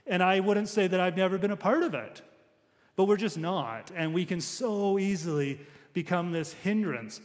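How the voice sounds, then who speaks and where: A man's voice: high voice, big-room sound. A man preaching a sermon as a pastor, talking through the passage in a conversational way with frequent restarts.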